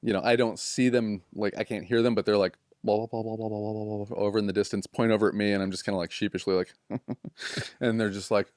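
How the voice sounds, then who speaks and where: A man's voice: lowish voice, steady tone, quick pace, hardly any pauses, darkish tone, no echo, clean studio sound. A man casually telling a long story on a podcast, swearing freely and acting out what others said. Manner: profane, acts out quoted people.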